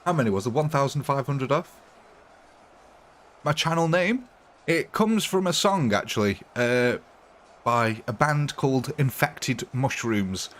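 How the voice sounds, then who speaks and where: A man's voice: mid-range voice, lively intonation, unhurried, a bit bright. A man casually chatting with viewers during a live stream, rambling and laughing often.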